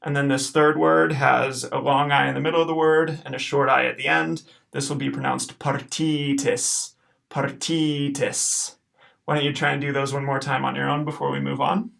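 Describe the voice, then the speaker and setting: Patient man with a gravelly voice. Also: medium pitch, little pitch movement, fairly bright tone. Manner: patient, encouraging, slows to repeat words. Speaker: Latin teacher. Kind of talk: recorded pronunciation lesson.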